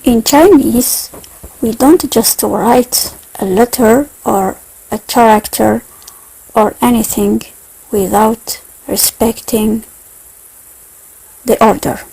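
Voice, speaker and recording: A woman teaching a beginner language lesson, speaking slowly and carefully and repeating each point. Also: on the high side, vocal fry, warm tone, slightly rough, rough recording. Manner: slow, repetitive, careful enunciation.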